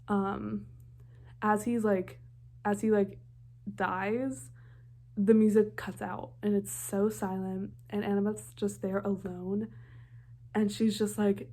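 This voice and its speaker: A woman's voice: medium pitch, mellow. A young adult woman giving casual reaction commentary on a TV episode, gushing and filling her talk with "like". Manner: gushing, heavy on filler "like". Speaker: TV reaction vlogger.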